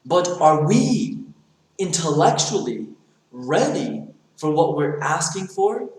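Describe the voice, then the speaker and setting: A man's voice: a little high, takes it slowly. Man telling a story in an echoey room. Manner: animated, acts out dialogue in the telling. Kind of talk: motivational storytelling.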